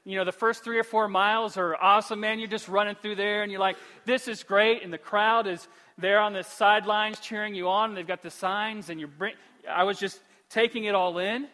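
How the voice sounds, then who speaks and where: A man preaching a sermon as pastor in a church, moving between quiet pleading and loud, lively storytelling. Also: sits high, a little fast, hardly any pauses, long reverb tail. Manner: shifts from hushed pleading to loud, animated storytelling. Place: church sanctuary.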